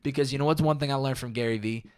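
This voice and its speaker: A man's voice: medium pitch, racing, smooth. A young man, a podcaster guest, talking casually and candidly in an interview, rambling a bit and acting out quoted lines.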